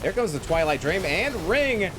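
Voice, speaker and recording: Animated man calling an esports match. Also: high-pitched, background noise. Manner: excitable, jokey, quick to laugh and riff. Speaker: esports play-by-play caster. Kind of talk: lively live game commentary.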